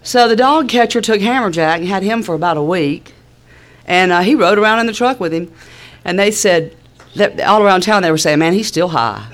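A woman's voice: medium pitch, fairly quick. A woman with a Southern US accent telling a personal story in a wry, laid-back, humorous way, with a drawl and plenty of fillers. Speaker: speaker sharing a recovery story.

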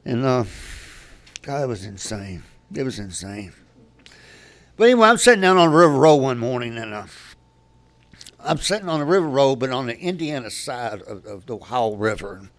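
A man's voice: mid-range voice, very animated, moderate pace, pauses often. An older man telling his personal recovery story at a meeting, candid and rambling, often restarting his sentences.

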